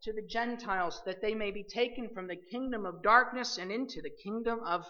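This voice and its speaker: Bright, emphatic preacher on a muffled recording. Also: medium pitch, brisk. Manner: emphatic, addresses listeners directly as believers. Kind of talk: sermon.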